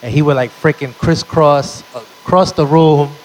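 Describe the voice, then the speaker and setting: Fairly high in pitch but even in intonation, this young comedian delivers punchy, profane stories at a measured pace to a live crowd. His brash stand-up set comes through on a low-quality recording with slight hiss or hum.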